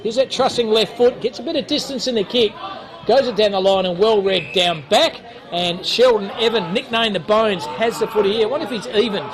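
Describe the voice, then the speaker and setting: A man's voice: high-pitched, a little fast, a crowd in the background. An Australian man calling a local football match live outdoors, joking and bantering between plays. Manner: jokey, chatty banter between calls. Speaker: football commentator.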